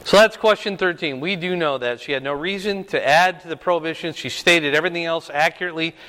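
A slightly higher-voiced man leads a Bible study in an easy, conversational way. He keeps checking in with the class through rhetorical questions. His voice rings out with a long reverb, as in a large hall. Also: fast, pushed and bright. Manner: conversational, frequent rhetorical "right?".

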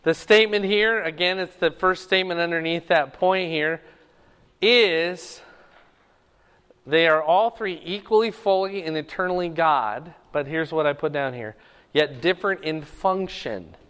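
A man's voice: a little high, unhurried, a bit bright, clean tone, big-room sound. A man teaching a Bible lesson to a class, often checking that his students are following.

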